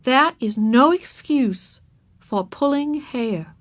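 A woman voicing a firm but kind female kindergarten teacher, speaking slowly and sternly. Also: sits high, expressive, pitched above the performer's own voice, full character voice. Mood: firm measured. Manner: slow, measured and stern.

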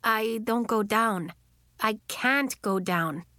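A woman's voice: fairly high pitch, slow, bright, forceful tone, dry recording. Shy earnest boy, voiced by a woman for a storybook read; hesitant and polite, close dry sound. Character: shy, polite young boy who can't stop floating.

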